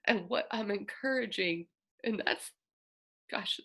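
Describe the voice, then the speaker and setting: Bright, gravelly woman astrologer. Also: mid-range voice, slow pace. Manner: earnest, emotional, reflective. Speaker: astrologer host. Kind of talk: casual spoken astrology talk.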